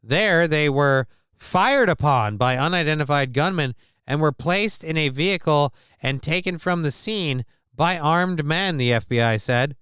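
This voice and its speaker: A man's voice: on the high side, lively intonation, a little slow, a bit bright, clean tone, no room sound, studio quality. A man hosting a live stream, reading news and chat comments aloud with crude jokes. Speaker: show host.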